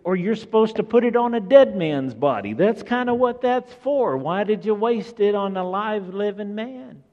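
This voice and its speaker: A greedy, grumbling disciple put on by a preacher whines in a raised, higher voice. His indignant complaints ring out with a long echoing hall reverb, as in a sermon telling. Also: lively intonation, normal speed, dull audio. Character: greedy grumbling male disciple, middle-aged.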